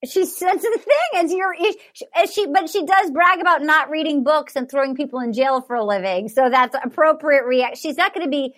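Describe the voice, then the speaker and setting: A woman hosting a podcast in casual comedic chat, animated and profane, acting out quotes with lots of "like". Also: high voice, a little fast, few pauses. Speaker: podcast host.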